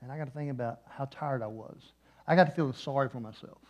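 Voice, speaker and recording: A man preaching a sermon in a church, moving between hushed, slow passages and loud, passionate peaks. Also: medium pitch. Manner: impassioned, swings from hushed to loud. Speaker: guest preacher.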